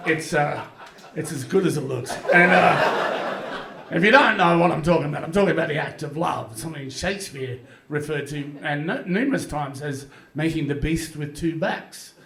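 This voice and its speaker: Aussie bloke in his 50s doing stand-up, kinda high voice, crude, rambly, lots of ums. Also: moderate pace, fairly bright tone. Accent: Australian. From Australia. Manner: rambling, crude and self-mocking, with frequent fillers. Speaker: stand-up comedian. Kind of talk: live stand-up routine. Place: comedy club stage, audience laughing.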